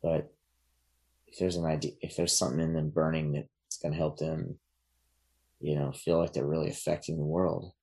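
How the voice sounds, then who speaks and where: Man, very low voice, podcast guest, loose rambling chat, lots of ums. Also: moderate pace, vocal fry, husky. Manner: relaxed, rambling with many fillers and restarts. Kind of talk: casual interview chat.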